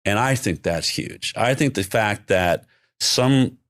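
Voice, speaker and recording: Man with a very low voice, interview guest, emphatic, restarts his sentences often. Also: lively intonation, slow, a bit bright, dry recording, clean studio sound. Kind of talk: conversational interview talk.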